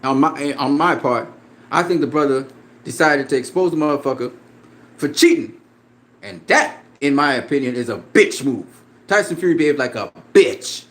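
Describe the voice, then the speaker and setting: A boxing commentator launches into a profane, combative rant, laughing a lot as he fires back at a critic. His voice sits fairly high and sounds expressive and fairly bright, moving at a normal speed.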